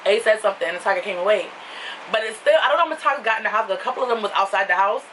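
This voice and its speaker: Young woman, New York accent, casual animated storyteller, bright slightly high voice, mic a bit distant. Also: very fast, a little hiss or hum. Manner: animated, laughing, swings into high excited quoted voices. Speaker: vlogger.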